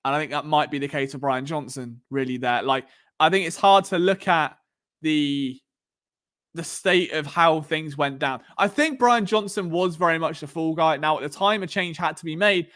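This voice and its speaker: A young man from England with a southern English accent hosts a casual live stream as a podcast host, talking through his thoughts at length. His voice is slightly high for a man and a bit bright, at a moderate pace. He rambles, frequently restarts sentences, and relies heavily on fillers.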